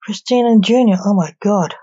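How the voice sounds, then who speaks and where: A woman's voice: medium pitch, moderate pace, dark tone, husky, natural voice. A woman reading a tearful masked father. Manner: tearful, proud. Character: masked father, a self-styled sorcerer, emotional. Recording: dull lo-fi recording.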